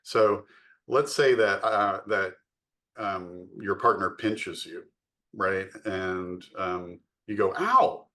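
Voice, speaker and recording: Deep-voiced man, measured podcast talk. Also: steady tone, a bit bright. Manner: measured and explanatory, with frequent fillers. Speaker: podcast co-host. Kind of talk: podcast discussion.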